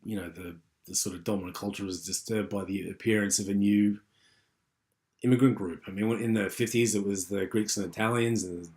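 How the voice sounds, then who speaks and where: A man's voice: fairly low pitch, fairly even intonation, a little fast, a little mellow. A man giving an unscripted university lecture, rambling with many fillers and restarts.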